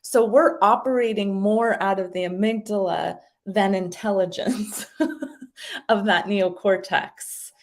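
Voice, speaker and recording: A woman talking as a guest, explaining ideas in a casual, animated way and acting out little voices as she goes. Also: medium pitch, takes it slowly. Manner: animated, acts out little voices in her stories. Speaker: guest speaker explaining identity.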